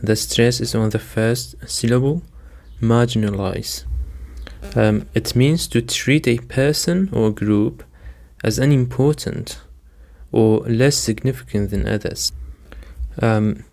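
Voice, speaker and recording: A male English teacher talks through vocabulary at an unhurried, careful pace, in a voice of ordinary middle pitch. He repeats each new word, points out its stress, and fills pauses with soft "um"s as he explains. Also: creaky. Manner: patient, repeats words and stresses, frequent "um" and "dear listeners". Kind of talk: slow, deliberate vocabulary lesson.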